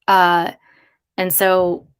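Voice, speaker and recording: Casual streamer, young woman, muses aloud, bursts of excitement, chatty. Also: on the low side, very slow, smooth. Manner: musing, excitable, thinking aloud. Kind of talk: casual livestream brainstorming.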